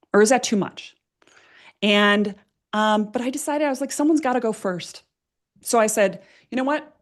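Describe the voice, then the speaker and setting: A woman presenting at a workshop, telling a personal story in a lively way, laughing often and using many fillers. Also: mid-range voice.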